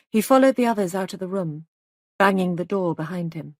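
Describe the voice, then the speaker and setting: A woman narrating a mystery story in an even, plain audiobook reading. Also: fairly low pitch, moderate pace, no room sound, clean studio sound.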